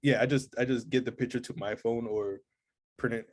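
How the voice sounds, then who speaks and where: A man playing a tabletop game, halting and playful, laughing between his lines. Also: mid-range voice, fairly even intonation. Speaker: player.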